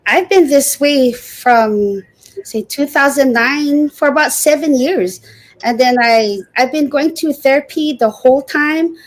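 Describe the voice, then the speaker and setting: A middle-aged woman speaks earnestly over a video call, her voice sitting a little high. She talks with open emotion and sometimes halts mid-sentence. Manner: earnest, emotional, halting at times. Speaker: guest, Air Force veteran. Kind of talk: personal interview talk.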